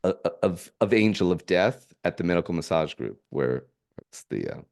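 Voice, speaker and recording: A middle-aged man, a podcast guest, telling stories in a rambling way with halting restarts and chuckles. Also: low voice, expressive, creaky, darkish tone. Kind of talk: casual storytelling.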